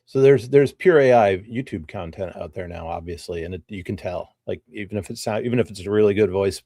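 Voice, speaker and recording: A man co-hosting a podcast in relaxed casual chat, with dry humor and short replies of agreement. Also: lowish voice, brisk, no echo. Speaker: podcast co-host.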